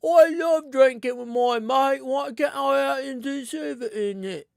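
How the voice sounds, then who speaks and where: A man's voice: very high-pitched, unhurried, vocal fry, dry recording, voice pushed up, exaggerated voice. A man putting on the voice of an indignant player complaining about unfair invitations, in a whiny protesting tone. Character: indignant adult male player whining about favoritism.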